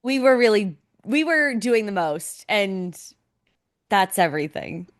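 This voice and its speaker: A woman's voice: medium pitch, very animated, unhurried. A young woman co-hosting a casual podcast, talking in an emotional, dramatic way and swearing freely. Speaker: podcast co-host. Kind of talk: casual chat.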